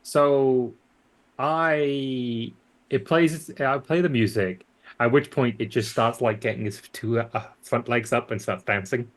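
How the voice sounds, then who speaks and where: Male tabletop player, average pitch, halting, repeats words. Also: steady tone. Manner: halting, repeats words while narrating actions. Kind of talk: playing a tabletop game in character.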